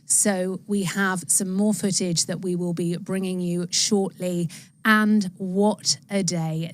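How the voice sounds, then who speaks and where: A woman's voice: on the low side, a little mellow, no room sound. A woman hosting a live stream, speaking in an effusive, rallying way as she introduces footage. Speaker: livestream host.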